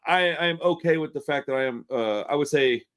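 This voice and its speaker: A man's voice: a little high, a little fast, a bit bright, clear, resonant tone. A man hosting a casual interview, chatty and self-deprecating, calling people "dude" and "man.". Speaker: interview host, YouTuber.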